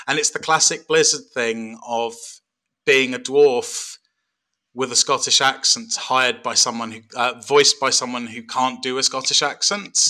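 A man in casual conversation with a very bright, forward tone and a wry, joking manner. He pokes fun as he goes and laughs through his lines, at an ordinary mid pitch. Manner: wry, jokey, laughs often. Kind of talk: casual chat about games.

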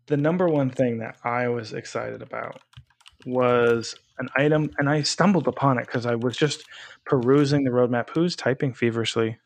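A man's voice: medium pitch, normal speed, creaky. A man co-hosting a gaming podcast, chatting casually in an upbeat, joking way and laughing easily. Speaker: podcast co-host. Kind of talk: casual chat.

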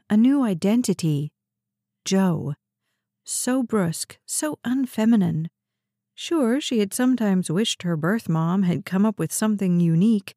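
Female audiobook narrator, steady even read, warm dark tone, dry studio sound. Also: medium pitch, no echo. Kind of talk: scripted narration.

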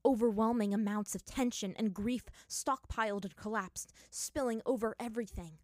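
A woman narrating a fan fiction story in a measured, dramatic reading. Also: fairly high pitch, no room sound, studio quality.

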